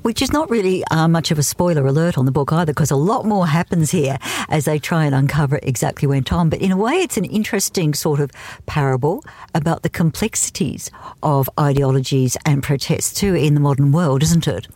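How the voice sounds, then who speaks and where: A man's voice: a little high, a little fast, a little mellow, no room sound. A man hosting an interview, asking conversational, inviting questions. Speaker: host.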